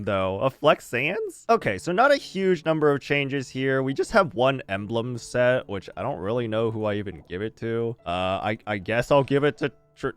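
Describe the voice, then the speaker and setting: Casual streamer, male, mid pitch, chatty and expressive, laughs a lot; soft game music underneath. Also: smooth. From United States. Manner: chatty, laughs often, animated reactions. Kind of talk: casual gameplay commentary.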